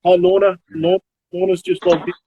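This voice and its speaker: A man's voice: high-pitched, little pitch movement, fairly quick, dark tone, slightly rough. A man co-hosting a live barbecue stream, chatting and laughing easily while he cooks. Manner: chatty, laughs often, talks while cooking. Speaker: co-host of a live barbecue show. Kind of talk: casual live-stream chat. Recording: thin phone-like audio with faint noise.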